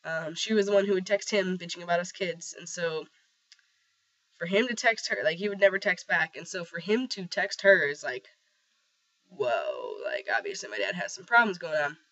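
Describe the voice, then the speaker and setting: A young man with a voice roughened by a cold, rambling casually with lots of fillers in a personal video diary. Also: high-pitched, animated, normal speed, pushed and bright. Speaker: vlogger. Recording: slightly dull lo-fi sound.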